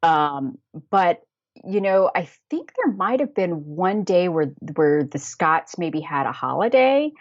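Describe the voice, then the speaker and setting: Brief: American woman, travel guest, chatty and laughing, lowish voice, muffled lo-fi recording. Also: very animated, a little slow, dry recording. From United States. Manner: chatty, laughs often, many fillers. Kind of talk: casual podcast interview. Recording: dull, dry lo-fi audio.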